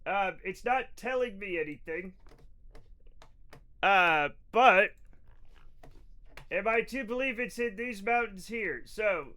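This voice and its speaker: Male streamer, high-pitched, excitable and joking, live gameplay commentary. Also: slow, long pauses. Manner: excitable, joking, swears, laughs often.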